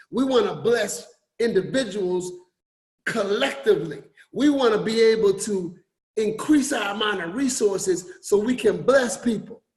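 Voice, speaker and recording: A man giving a motivational talk to an online group, repeating his points and swinging between loud emphasis and quiet drops. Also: high-pitched. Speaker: forex coach and motivational speaker.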